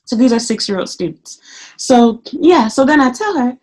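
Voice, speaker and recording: A woman's voice: a little high, moderate pace. A woman who teaches English in Japan talks to the camera in a casual vlog. She curses freely and acts out her own remarks as she tells the story. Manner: profane, animated storytelling.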